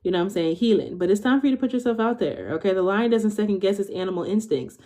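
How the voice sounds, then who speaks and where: A twentysomething woman does a casual live tarot reading, chatty and full of slang, ending almost every phrase with "okay?". Her voice sits at medium pitch and sounds warm and animated, and she talks quickly.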